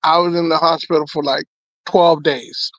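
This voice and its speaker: A man, a comedian, telling his testimony as an animated story, often repeating words. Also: fairly high pitch, moderate pace, dry recording, dull audio. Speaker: guest comedian.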